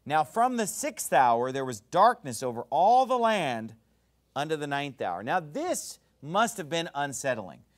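A male Baptist preacher with a high, lively voice that leaps up and down as he presses his points. He preaches with force, breaking into shouted quotes before dropping back to his plain voice. His sermon delivery is emphatic and animated throughout. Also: measured pace.

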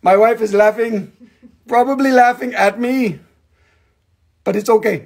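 Goofy gravelly-voiced man hosting a stream. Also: extremely high pitch, lively intonation, unhurried, pauses often. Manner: goofy, rambling, jokes and sudden shouts. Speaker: host selling crystals on a live stream. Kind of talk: playful live-stream sales chat.

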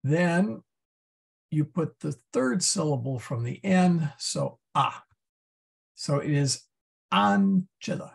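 Halting, gravelly man teaching Latin. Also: on the high side, lively intonation. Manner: halting, thinks aloud with many fillers; explains slowly step by step. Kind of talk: classroom lesson.

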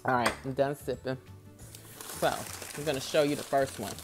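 A woman's voice: extremely low pitch, steady tone, normal speed, music in the background. A woman vlogger chatting casually and directly to her viewers from home, staying off camera while she shows things. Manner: chatty, talks straight to viewers.

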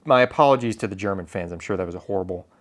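A man's voice: low voice, very fast. Chatty American man talking to camera. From United States. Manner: chatty, self-deprecating, with many ums and uhs. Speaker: photography YouTuber. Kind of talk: casual chat to camera.

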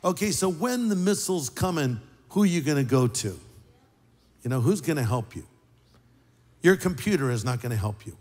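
A pastor delivers a sermon in a loose, joking, conversational way, his somewhat high voice jumping up for emphasis. The sound carries a long reverb from a large hall. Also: moderate pace, long pauses. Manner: conversational, joking preacher with lively pitch swings.

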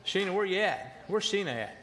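A man's voice: high-pitched, very animated, fairly quick, a bit bright. A male pastor, preaching in a folksy way and often repeating words. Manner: folksy, repeats words while telling a story. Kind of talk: sermon with a joke.

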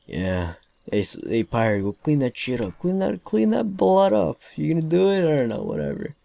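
A man's voice: fairly high pitch, normal speed, creaky, no room sound. Young guy cursing his way through a game, talks at the characters, dry close mic. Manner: excitable, swears often, talks to game characters. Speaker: let's play gamer. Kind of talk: casual gameplay commentary.

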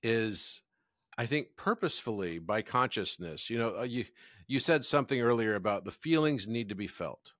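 A man hosting a podcast, talking in a reflective, measured way. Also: mid-range voice, animated, fairly bright tone, no room sound, studio quality. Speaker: podcast host. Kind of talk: conversational podcast interview.

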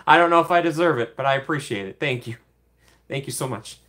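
A man's voice: medium pitch, moderate pace, bright, forceful tone. Chatty man hosting a livestream. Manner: chatty, laughs often, gushes thanks to viewers. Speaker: livestream host. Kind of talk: casual livestream chat.

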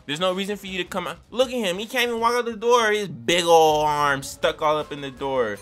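A man giving loud, slangy play-by-play commentary on his own gameplay, yelling and whooping at the action. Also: high voice, expressive, fairly quick, few pauses, faint music behind. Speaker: gaming channel host. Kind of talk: excited let's-play commentary.

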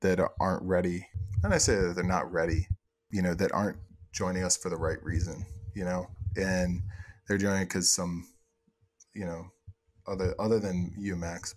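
A man, a podcast guest, talking casually and excitedly, swearing now and then, with lots of restarts. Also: deep voice. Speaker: guest, software project co-founder.

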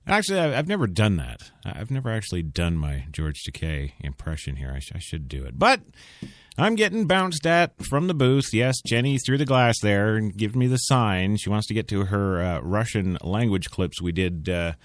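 A man's voice: fairly low pitch, big pitch swings, normal speed, no echo. A man hosting talk radio in a studio, rambling and sarcastic between laughs. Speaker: radio host. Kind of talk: casual talk radio banter. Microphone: studio mic.

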